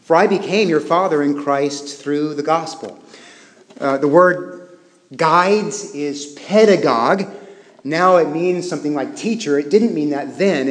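High-voiced man preaching in a reverberant hall. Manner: storytelling, animated, self-deprecating laughs, restarts. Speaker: pastor. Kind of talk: sermon.

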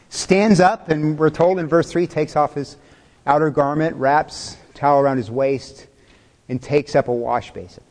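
Guy pastor giving a sermon, kinda high voice, chatty, asks the crowd stuff, echo hangs in the hall. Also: a little mellow. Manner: conversational, asks the congregation questions, chuckles.

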